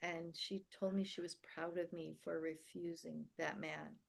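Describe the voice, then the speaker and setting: Older guest woman, low voice, candid storytelling, emphatic and vivid. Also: fairly even intonation, unhurried, gravelly. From America and the Philippines. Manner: vivid, emphatic storyteller who acts out quoted dialogue. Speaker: podcast guest.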